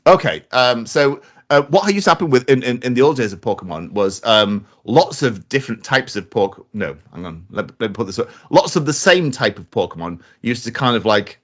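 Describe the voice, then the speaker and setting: A man's voice: mid-range voice, animated, moderate pace, few pauses, fairly bright tone. A man, co-hosting a casual podcast and telling rambling stories full of fillers and restarts. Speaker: podcast co-host. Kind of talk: casual chat.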